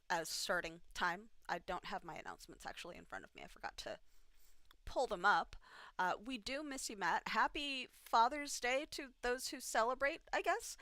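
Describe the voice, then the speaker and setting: A woman's voice: mid-range voice, bright, forceful tone, dry recording. Rambling tired woman game master. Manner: rambling, self-deprecating, many fillers. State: tired from little sleep. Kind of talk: livestream announcements and recap.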